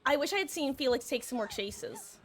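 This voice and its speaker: A woman's voice: high voice, sing-song, brisk. A woman streaming herself playing a game, with playful, goofy commentary and frequent laughter. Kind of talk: livestream gameplay commentary.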